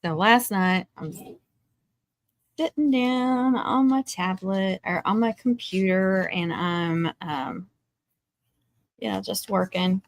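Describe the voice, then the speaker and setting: A woman's voice: mid-range voice, takes it slowly, no echo. A middle-aged woman chatting casually as she crafts on a live stream, with dry sarcastic asides. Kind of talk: casual chat while crafting. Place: home craft table.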